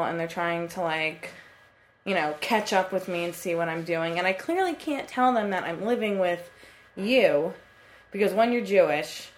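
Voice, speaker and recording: A woman in her twenties co-hosting a casual podcast chat, telling a story in a chatty way and swearing freely. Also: on the low side. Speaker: podcast co-host. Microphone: computer mic.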